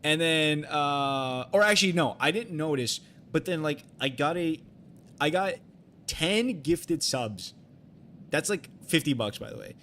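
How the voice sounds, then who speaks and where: A man's voice: a little high, lively intonation, a little slow, fairly bright tone, a little hiss or hum. Rambling, swearing young man streamer. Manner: rambling, full of fillers and restarts, swears freely. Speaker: game streamer. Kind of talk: casual storytelling on a live stream.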